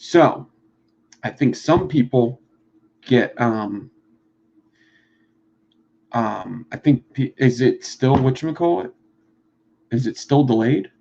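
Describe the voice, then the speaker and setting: A man with a Philadelphia accent chats fast and loose on a live stream, swearing freely as he teaches coil building. His mid-pitched voice carries a gravelly fry. The audio is dull and lo-fi. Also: expressive, mellow. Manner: fast-talking, profane, rambling. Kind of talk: casual live-stream chat.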